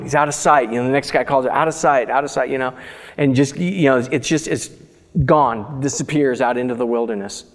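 A man's voice: mid-range voice, a little mellow. A male pastor preaching a sermon, reading scripture aloud and breaking in with loose, conversational asides. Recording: reverberant hall.

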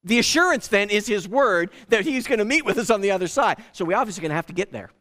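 A man preaching a sermon from the pulpit in a lively, conversational way. His voice sits high for a man, and he often restarts his sentences as he goes. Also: fast. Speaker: pastor.

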